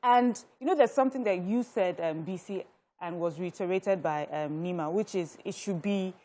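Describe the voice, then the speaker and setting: A woman's voice: lowish voice, normal speed, warm tone. A Nigerian woman co-hosting a studio talk show, explaining her point earnestly. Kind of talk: studio panel discussion.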